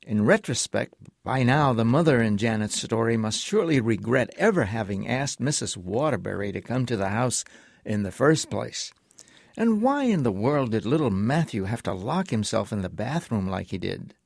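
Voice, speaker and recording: Male host, lively pitch, gravelly, wry commentary, dry sound. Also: normal speed, no room sound. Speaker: radio host. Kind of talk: reflective program commentary.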